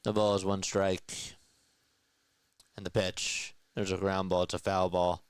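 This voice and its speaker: Male fan play-by-play caller, fairly low and smooth voice, dry close mic, exasperated with the chat. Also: level tone, unhurried, dry recording. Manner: frustrated, talks back to the chat. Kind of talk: live fan play-by-play stream.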